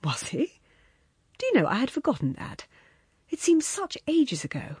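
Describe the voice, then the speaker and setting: A woman reading the part of a wistful, earnest man who speaks softly and musingly, in a husky, breathy voice. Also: very high voice, wildly swooping pitch, normal speed, dry recording, clean studio sound, voice pushed up, exaggerated voice. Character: wistful, wheedling former young lover, man.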